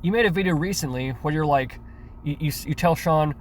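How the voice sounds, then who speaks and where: Ranting commentator, male, slightly high voice, sarcastic, swears a lot, stumbles over words, faint hiss behind. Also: fairly quick. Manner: sarcastic, profane, stammering restarts. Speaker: commentary youtuber.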